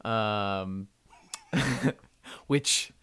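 A man co-hosting a casual comedy podcast, reading out a news story with halting restarts, asides and laughs. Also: fairly low pitch, pushed and bright, smooth. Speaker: podcast co-host.

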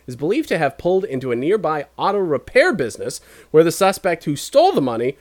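A man's voice: on the high side, big pitch swings. A man co-hosting a casual podcast, reading odd news and joking, laughing often and acting out people. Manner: amused, laughs often, acts out people in quick bits. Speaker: podcast co-host.

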